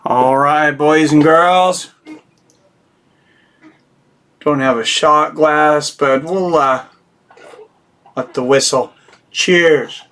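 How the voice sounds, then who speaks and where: A man's voice: fairly high pitch, steady tone, takes it slowly, sharp tone, slight background noise. A man hosting a live fight stream, chatting casually and rambling as he thanks his viewers and donors.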